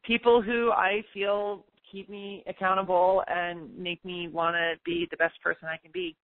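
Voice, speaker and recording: A woman's voice: on the low side, little pitch movement, moderate pace, no room sound. A woman in her fifties, a guest in a podcast interview, talking in an upbeat, emphatic, self-assured way. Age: 50s. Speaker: guest author. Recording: tinny phone line, dry.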